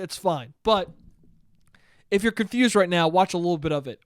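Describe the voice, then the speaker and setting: A young man telling a rambling, profane story alone on his podcast, bursting into loud outbursts. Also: sits high, lively intonation, fairly quick, no echo, clean studio sound. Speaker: podcast host. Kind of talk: solo podcast monologue.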